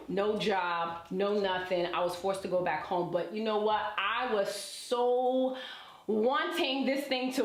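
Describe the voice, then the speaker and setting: A woman in her thirties, an interview guest and relationship coach, telling her life story in a lively, colloquial way and talking straight to her listeners. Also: medium pitch. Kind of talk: personal storytelling in conversation. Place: indoor event space. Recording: roomy echo.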